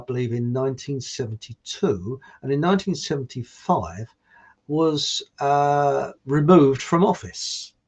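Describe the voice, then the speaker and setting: A man's voice: on the high side, husky, muffled recording. A man hosting his own online show in a casual, rambling way, joking and reading out viewer comments. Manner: jokey, laughs at his own quips, reads out viewer comments. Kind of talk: casual rambling live-stream talk.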